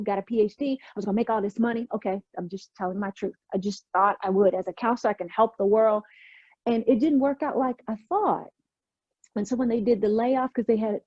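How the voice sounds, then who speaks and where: A middle-aged woman with a fairly high, mellow voice tells her story in an emphatic, testimonial way. The sound is dry and a little dull, like a lo-fi video call. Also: fairly quick, no echo. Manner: emphatic, testimonial, animated retelling. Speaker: guest. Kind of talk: storytelling interview.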